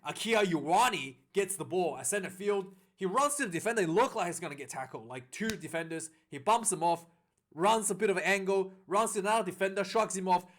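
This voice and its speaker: A man recapping a rugby match in a casual, rambling way, getting excited at big plays, with many fillers and restarts. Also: high-pitched, brisk. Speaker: rugby reviewer.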